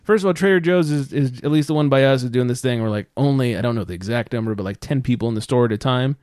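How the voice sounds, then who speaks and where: A man telling a story on a casual podcast, profane and animated, with loud outbursts when he quotes himself. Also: mid-range voice, fast talker, no room sound, clean studio sound. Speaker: podcast co-host. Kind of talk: casual chat.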